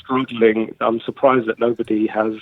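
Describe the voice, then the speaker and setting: A man calling in to a radio show, chatting in a relaxed, chummy way. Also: medium pitch, moderate pace, dry recording. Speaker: caller. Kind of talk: casual phone-in chat. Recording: dull dry phone line.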